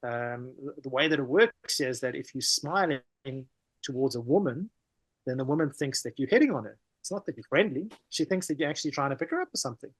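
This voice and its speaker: A South African man, a podcast guest, telling stories in a lively, casual way, often saying "man" and "you know". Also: medium pitch, quick pace, slightly rough, no room sound. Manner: animated, peppers talk with "man" and "you know". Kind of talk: casual conversational storytelling.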